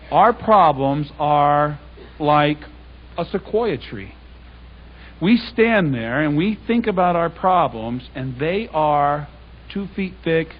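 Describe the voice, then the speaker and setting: A man's voice: fairly high pitch, highs cut off. A man giving a public Bible talk, telling stories in a casual, conversational way and acting out the dialogue. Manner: conversational, anecdotal, acts out dialogue. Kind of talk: storytelling sermon.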